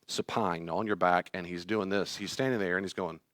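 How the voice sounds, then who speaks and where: Earnest low-voiced man teaching. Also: steady tone, fast talker, fairly bright tone, no room sound, studio quality. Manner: earnest, pleading, acts out quoted voices. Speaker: therapist and teacher. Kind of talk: class lecture with personal stories.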